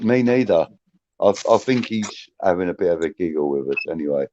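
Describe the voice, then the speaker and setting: A man's voice: low voice, animated, fairly quick, warm tone, dull audio, slight background noise. A man hosting a casual chat, reading out viewer comments in a laid-back way and swearing freely. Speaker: podcast host reading chat.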